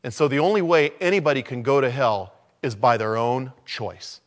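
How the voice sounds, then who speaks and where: A man preaching a conversational sermon, dropping to low murmurs and then rising to loud, emphatic lines. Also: animated, moderate pace. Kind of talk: sermon on evangelism.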